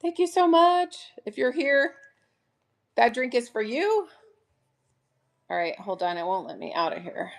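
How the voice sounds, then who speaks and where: A woman hosting a casual live sale from home, chatting warmly and gushing over each item. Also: a little high, big pitch swings, a little slow, long pauses. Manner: chatty, gushing, addresses viewers as "you guys". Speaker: online live-sale seller. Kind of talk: casual live-stream selling chat.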